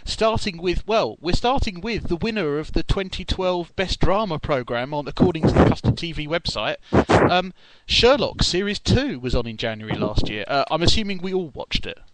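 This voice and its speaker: A man co-hosts a casual podcast in a somewhat raised voice. He speaks hesitantly and stumbles over restarts. A loud hiss runs under his voice. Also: fairly high pitch, expressive, normal speed, few pauses. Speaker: podcast co-host.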